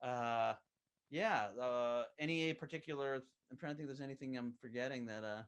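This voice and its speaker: A man chatting as a podcast guest about his animated show, rambling with lots of fillers and restarts. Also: mid-range voice, moderate pace, clean tone. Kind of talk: casual podcast chat.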